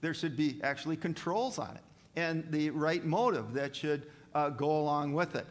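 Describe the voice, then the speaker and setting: Male pastor, halting sermon delivery, slightly raised pitch, long church reverb. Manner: halting, with many fillers and restarts.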